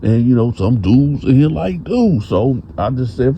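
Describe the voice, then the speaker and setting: A man's voice: medium pitch, very animated, unhurried, mellow, a little hiss or hum. A man telling a prison story in a laid-back, casual way, with lots of cursing and repetition. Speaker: storyteller, host.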